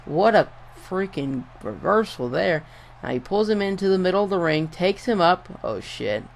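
A young man giving casual play-by-play commentary over a wrestling video game, getting excited and swearing at big moves. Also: high-pitched, moderate pace, gravelly, slight background noise. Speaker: gameplay commentator.

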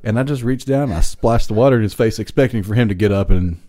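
A young man co-hosting a podcast, casually telling rough stories with swearing and mimicking people he met. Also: fast talker, a little hiss or hum. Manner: animated storyteller, swearing, mimics people in high voices. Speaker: podcast co-host. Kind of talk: casual chat, storytelling.

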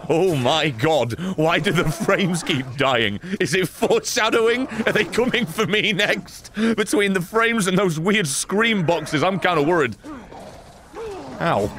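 A man doing gameplay commentary, loud and sarcastic, swearing and shouting at the game. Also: fairly high pitch, expressive, measured pace, a little hiss or hum. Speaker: gaming streamer.

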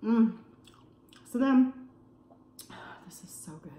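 A woman from California telling a casual story while eating, full of "like" fillers and pauses to savor her food. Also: on the high side, dark tone. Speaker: food vlogger. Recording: roomy echo.

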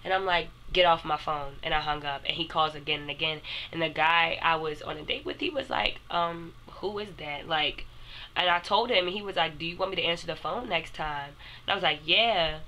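A young woman, casually telling a personal story to her viewers, animated and chatty. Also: low voice, brisk. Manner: animated, addresses viewers as "y'all". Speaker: vlogger.

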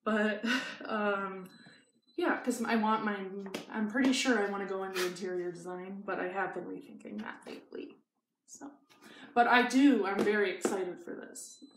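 A woman's voice: mid-range voice, normal speed. Giggly young woman in an echoey room. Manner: chatty and giggly, with many fillers. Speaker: vlogger. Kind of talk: casual haul chat. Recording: echoey room with faint noise.

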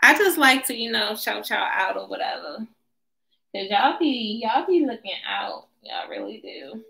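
Chatty woman, bright voice. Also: on the high side, sing-song, a little slow, creaky, rough recording. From Baltimore. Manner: chatty, addresses viewers in slang. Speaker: livestream host. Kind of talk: casual live-stream chat.

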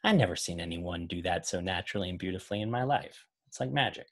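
A man's voice: deep voice, expressive, fast talker, gravelly, fairly bright tone. A man hosting a casual commentary on old magic footage, chatty and jokey, rambling through his points. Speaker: host.

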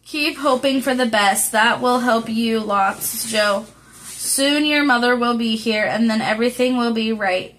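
A woman reading the part of a kind-hearted teenage boy who speaks in a hurried, reassuring way, in an audiobook of a classic novel. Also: a little high, a bit bright. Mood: comforting.

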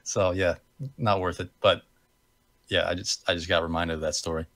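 Flat and low, this young American co-host's slightly bright voice moves at normal speed with no room sound. On the podcast he tells a meandering story, revising as he goes and laughing at himself.

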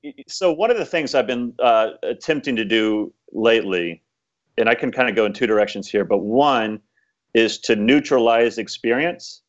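A man's voice: mid-range voice, expressive, moderate pace, highs cut off. A man being interviewed as an author, telling a story in a rambling, casual way with many fillers. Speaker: author guest.

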